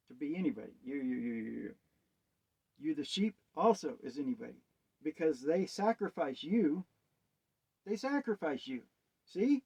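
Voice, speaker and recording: A man's voice: a little high, mellow. A man giving a rambling, hesitant monologue on wordplay and scripture, asking musing rhetorical questions. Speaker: self-styled preacher. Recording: dull lo-fi sound.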